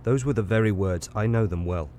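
A man voicing a troubled, grave railway signalman who speaks low, hushed and halting, in an audiobook reading. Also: a little hiss or hum, lightly acted. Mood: ominous. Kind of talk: audiobook character voice.

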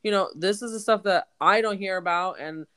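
A woman co-hosting a casual podcast, congested and hoarse-sounding, talking candidly and swearing freely. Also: medium pitch, a little fast, fairly bright tone. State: congested, voice deepened. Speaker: podcast co-host. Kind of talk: casual chat.

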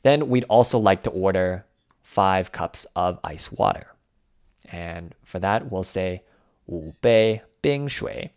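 A man's voice: deep voice, slow, darkish tone, smooth, no room sound, clean studio sound. A man teaching, methodically breaking phrases down into words and tones. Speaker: language teacher. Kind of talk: explaining a dialogue lesson.

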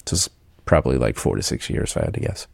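A man hosting a podcast, talking in a relaxed, rambling way with many fillers. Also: a bass voice, quick pace, creaky, slightly rough, no echo. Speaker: podcast host. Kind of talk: casual chat.

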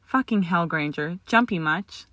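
A woman's voice: lowish voice, expressive, measured pace, sharp tone, dry recording, full character voice. A woman voicing an arrogant young male wizard who drawls with sarcasm. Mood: sneering.

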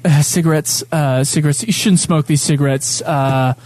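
A man with a fairly high voice grumbles through casual podcast banter. He swears constantly and leans hard on his complaints. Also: fairly even intonation, moderate pace, darkish tone, slight background noise. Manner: crude, emphatic complaining. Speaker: podcast co-host. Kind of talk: casual chat.

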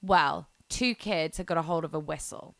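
A woman's voice: low voice, moderate pace, creaky, no room sound. A woman co-hosting a podcast, chatty and storytelling, swearing casually. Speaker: podcast co-host. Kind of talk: casual chat.

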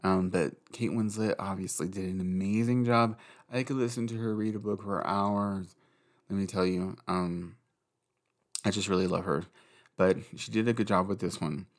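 Man, very low voice, casual late-night rambling, profane, giggly. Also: fairly even intonation, moderate pace. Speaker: book vlogger.

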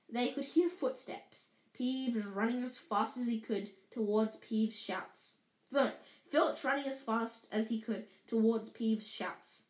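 Slow-reading woman in an echoey room. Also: fairly high pitch. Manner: stumbling, restarting lines, self-correcting. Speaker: reader. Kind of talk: casual book read-aloud.

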